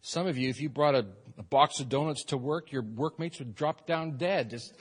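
A man preaching a sermon as pastor, animated and rising into emphatic bursts. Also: mid-range voice, normal speed, husky.

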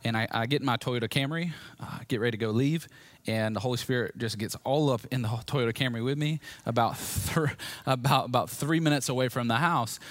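A man preaching a personal testimony sermon to a room, speaking candidly and swinging between hushed storytelling and loud, emphatic points. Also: medium pitch, fairly quick, no room sound. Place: room with a live audience.

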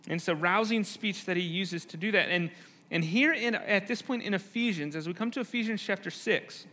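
A man's voice: sits high, sharp tone. A man preaching a conversational sermon, often restarting phrases, and acting out quoted lines with rising intensity. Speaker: pastor.

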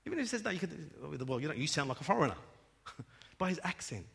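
A man preaching a sermon in church, emphatic and swelling to loud peaks, often restarting his words. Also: fairly high pitch, very animated, quick pace, gravelly, slightly rough. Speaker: pastor. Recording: long hall reverb.

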